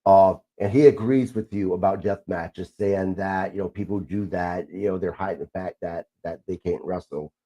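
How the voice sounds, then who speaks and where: A man's voice: low-pitched, moderate pace, few pauses, warm tone. A man hosting a wrestling podcast, asking questions hesitantly with many "um"s. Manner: hesitant, many "um"s and filler words. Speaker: podcast host. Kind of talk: interview questions.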